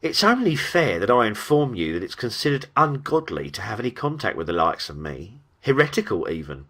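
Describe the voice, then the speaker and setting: A man's voice: fairly low pitch, unhurried, pushed and bright, slightly rough, exaggerated voice. A man voicing a sullen, spiteful male demon from hell with an Australian lilt, whining and obsequious. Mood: smug.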